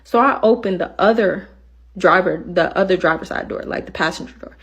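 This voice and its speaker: A woman telling a personal story in a blunt, profane and animated way, acting out the other side of the dialogue. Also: on the low side, a little fast, slightly rough. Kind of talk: casual storytelling.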